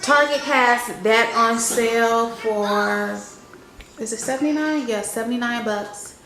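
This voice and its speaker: A woman's voice: on the high side, slow, background noise. A young woman chatting casually to her viewers in a home vlog, recorded in her kitchen. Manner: chatty, talks straight to viewers, says "y'all" often. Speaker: vlogger, stay-at-home mom. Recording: echoey room with loud background music.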